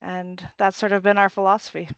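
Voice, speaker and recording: A middle-aged woman, a rugby club organizer and youth coach, telling her story in a relaxed, rambling way with plenty of ums. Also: mid-range voice, brisk, no room sound, dull audio. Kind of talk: casual interview answers.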